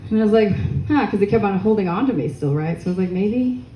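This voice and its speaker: A young woman working through a crude, self-mocking stand-up set with a rambling, loose delivery. Her voice is mellow and dark-toned, and it bounces around an echoey club room over a faint hiss. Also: mid-range voice, very fast. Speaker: stand-up comedian. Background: audience laughter.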